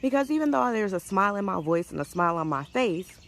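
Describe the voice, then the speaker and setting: A woman speaks as a life coach in a faith-based motivational talk, her voice gravelly with vocal fry. She talks warmly and conversationally, often stopping to restart a sentence. Faint outdoor sounds with birdsong sit behind her. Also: mid-range voice, lively intonation, fast, slight background noise. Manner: warm conversational encouragement with frequent restarts.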